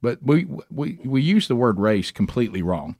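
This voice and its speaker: A man's voice: mid-range voice, big pitch swings, moderate pace, a little mellow, no room sound. A middle-aged man hosting a radio talk show, talking emphatically with many restarts. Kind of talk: casual talk radio chat.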